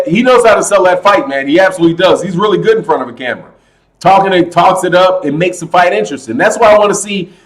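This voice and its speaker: A man hosting a casual boxing livestream, talking loudly and with a lot of energy, his voice pitched a bit high for a man. He keeps calling his listeners "man" and "brother" as he reads their chat. A slight echo sits on his computer mic. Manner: loud, animated, says "man" and "brother" a lot. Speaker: boxing channel host.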